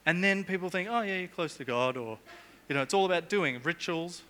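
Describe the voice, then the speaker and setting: A man's voice: sits high, lively intonation, fairly quick, bright, forceful tone. A middle-aged man preaching a sermon in a church, chatty and jokey, with humorous asides.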